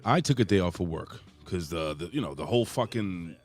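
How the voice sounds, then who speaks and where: A fairly low-voiced man hosts a casual wrestling podcast in a loud, boisterous hype-man style, swearing freely as he chats. Faint music sits under his voice. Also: expressive, fairly quick. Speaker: podcast host.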